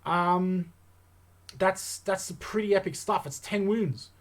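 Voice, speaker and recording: A man's voice: high voice, slow. A man hosting a wargaming channel, talking through tabletop game rules in a casual, enthusiastic way and thinking aloud with lots of fillers.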